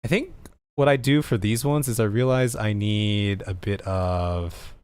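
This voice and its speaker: A man's voice: lowish voice, measured pace, a little mellow, clean tone. A man streaming as he edits a video, thinking aloud, repeating himself and laughing often. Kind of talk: casual live commentary.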